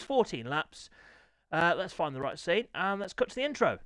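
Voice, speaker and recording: A young man hosting a sim racing league stream in casual, chatty, self-deprecating livestream talk, often clearing his throat. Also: a little high, huge pitch swings, normal speed, pushed and bright, no echo.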